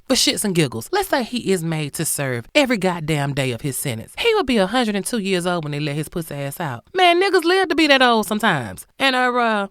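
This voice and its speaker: Black woman ranting thru a crime podcast, lowish voice that swings all over, cussing a lot, dry sound. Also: dry recording. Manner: animated, outraged, swears freely, slangy comic asides. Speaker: podcast host. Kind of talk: profane true-crime storytelling.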